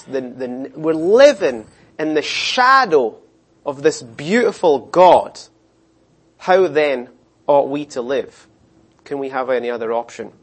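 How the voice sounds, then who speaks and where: A middle-aged man preaching a sermon, animated, acting out the voices of the people in his story. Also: medium pitch. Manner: animated, acts out voices of complainers and God. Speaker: pastor.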